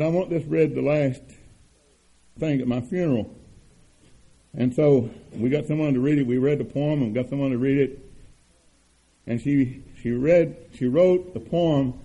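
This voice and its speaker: An older man preaching a sermon, with an earnest cadence, emphatic repetitions and drawn-out stresses. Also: medium pitch, mellow, husky, rough recording. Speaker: pastor.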